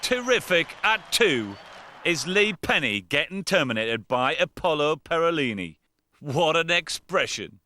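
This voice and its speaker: A man presenting rugby clips in lively, boisterous commentary, breaking into shouts. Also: fairly high pitch, a little hiss or hum.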